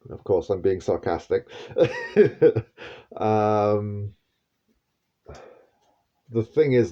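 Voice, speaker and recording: A man's voice: mid-range voice, dull audio. A man giving a rambling prophetic monologue as an online preacher, repeating himself and chuckling with half-sarcastic asides.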